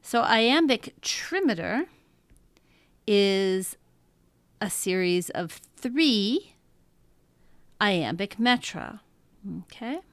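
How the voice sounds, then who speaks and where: A woman teaching a lesson in a patient, explanatory way, often pausing to check in with her listeners. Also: mid-range voice, expressive, no room sound. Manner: patient, explanatory, frequent "um" and "okay?" check-ins. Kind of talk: classroom lecture.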